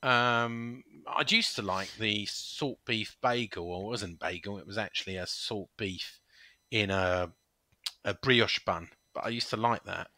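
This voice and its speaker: A man's voice: on the low side, a little slow, sharp tone, dry recording. A man co-hosting a casual football chat, telling playful anecdotes. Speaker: podcast co-host.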